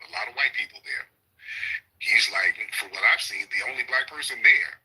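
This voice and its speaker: A male livestream host who is hoarse from a cold, talking in a loose, hype, slangy way. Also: on the low side, brisk, pushed and bright, low-quality recording. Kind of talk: casual livestream chat.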